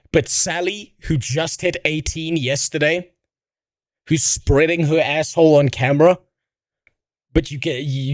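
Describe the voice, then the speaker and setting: A man's voice: mid-range voice, dry recording. Male streamer, mid-range voice, dry close-miked sound; profane, rambling sarcastic riffs. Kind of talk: casual reaction stream commentary.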